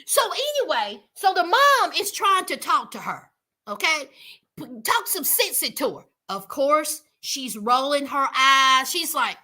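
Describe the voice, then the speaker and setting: A woman's voice: high-pitched, sing-song, measured pace, pushed and bright. A woman giving a sassy, emphatic casual recap of a reality TV show.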